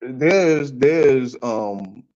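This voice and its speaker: Blunt guest on dull lo-fi call. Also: male voice, medium pitch, expressive, drawn-out words, a little mellow. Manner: blunt, heated, emphatic. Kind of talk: casual call-in chat.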